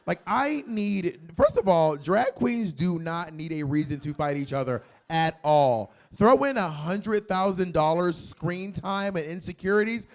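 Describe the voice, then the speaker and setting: Man comic, brash and boastful, higher voice, club stand-up. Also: animated, unhurried, hardly any pauses. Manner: brash, boastful and blunt, with sudden loud jumps. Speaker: stand-up comedian. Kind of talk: stand-up comedy with audience Q&A. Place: comedy club in San Diego.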